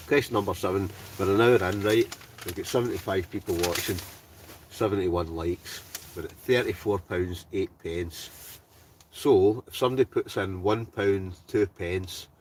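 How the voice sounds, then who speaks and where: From inside a tent, an Ayrshire-accented man from Scotland runs a live-stream quiz, addressing viewers directly with plenty of jokes, chat and laughter. His low voice has a darkish tone, and the distant mic adds a little hiss or hum.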